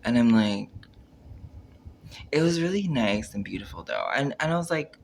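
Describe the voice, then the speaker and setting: A man's voice: mid-range voice, sing-song, normal speed, gravelly, a little hiss or hum. A man rambling through a casual monologue on camera, full of filler words, acting out his own reactions and trailing off mid-sentence. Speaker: vlogger.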